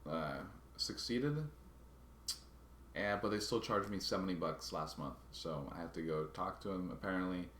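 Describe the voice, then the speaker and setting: Low-voiced man, halting vlog storytelling. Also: fairly bright tone, reverberant, a little hiss or hum. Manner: halting, restarts and repeats words while recounting a grievance. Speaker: vlogger.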